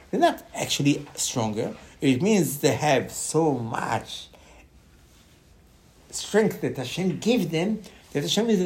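A man giving a Torah class in animated, non-native English, often repeating his words and jumping up in pitch. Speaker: Torah teacher.

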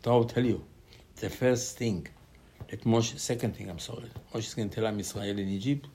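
A man giving a Torah class sermon, animated, asking and answering his own questions, with sudden loud emphasis on key lines. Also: on the low side, fairly quick, a little hiss or hum. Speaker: Torah teacher.

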